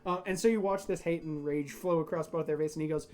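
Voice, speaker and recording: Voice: mid-range voice, fairly even intonation, fast talker, a little mellow, soft background music. A game master narrating a tabletop game with a loose, rambling delivery and frequent laughter.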